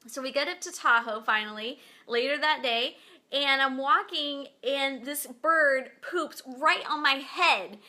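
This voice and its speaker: A woman's voice: sits high, unhurried, pushed and bright. A woman hosting her own show, chatting casually to viewers from home and rambling through stories with lots of fillers. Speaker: podcast host. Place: at home beside her bed.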